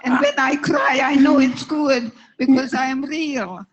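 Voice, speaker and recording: Slow-speaking older woman lecturer. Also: high-pitched, dull audio, crowd noise. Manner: slow, affectionate, beckoning audience member. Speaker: guest speaker. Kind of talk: warm public talk with audience. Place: lecture hall.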